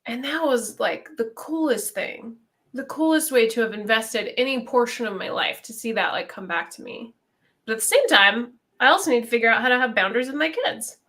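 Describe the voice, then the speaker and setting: A woman in her thirties sharing a personal story on a casual live stream. Her voice is bright and pitched a touch high, and she talks openly and loosely, full of "like". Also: lively intonation, brisk. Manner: candid, storytelling with lots of "like". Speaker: co-host. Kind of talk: casual chat.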